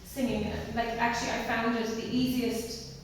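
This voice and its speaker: A woman's voice: fairly high pitch, little pitch movement, normal speed. Chatty Irish woman in an echoey hall. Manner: chatty, full of "like" and acted-out quotes. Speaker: singer and stage actress, guest. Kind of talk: casual podcast chat. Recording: echoey hall, distant mic, faint noise.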